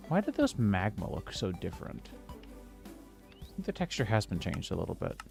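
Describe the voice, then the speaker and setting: Low-voiced man chatting over gameplay. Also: very animated, normal speed, gravelly, faint music behind. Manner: chatty, rambling, exasperated outbursts at the game. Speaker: streamer. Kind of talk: casual gameplay commentary.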